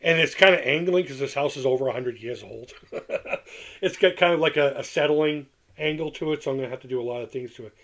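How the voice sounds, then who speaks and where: A man's voice: medium pitch, fast talker, a bit bright. A middle-aged man hosting a casual livestream, reading chat and rambling candidly, often repeating himself and restarting his sentences.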